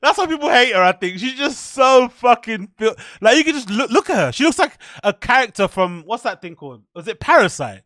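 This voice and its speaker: A man hosting a podcast, rambling in mocking, profane, animated commentary. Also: very high voice, a little fast, hardly any pauses, no room sound, studio quality. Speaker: podcast host.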